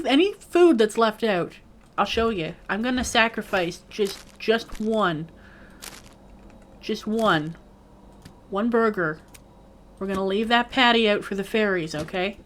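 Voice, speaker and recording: A woman chats her way through a game session in a loose, rambling flow. Her pitch sits at an ordinary middle height, and she jumps into playful mock-bossy bursts aimed at the characters. A faint background hiss runs under her voice. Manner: jokey mock-bossy outbursts. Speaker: gaming video creator. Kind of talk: casual gameplay commentary.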